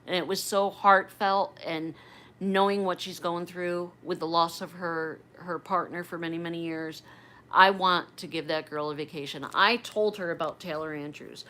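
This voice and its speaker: A woman's voice: fairly low pitch, steady tone, moderate pace, fairly bright tone, low-quality recording. A middle-aged woman hosting a casual livestream, chatting and rambling as she talks straight to her viewers. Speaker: livestream host.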